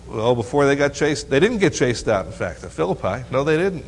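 A man's voice: medium pitch, fairly quick, hardly any pauses, slight background noise. A man teaching a Bible lesson to teens, reading verses aloud and quizzing his listeners with playful questions. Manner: asks the audience questions, teasing and lively. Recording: long hall reverb.

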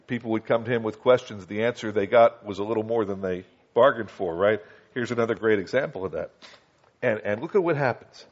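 A man preaching a conversational Bible teaching, often checking in with his listeners and slowing down to read scripture. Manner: conversational, asks listeners "Okay?" and "do you understand?"; reads scripture slowly and acts out quoted voices higher. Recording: dull lo-fi recording.

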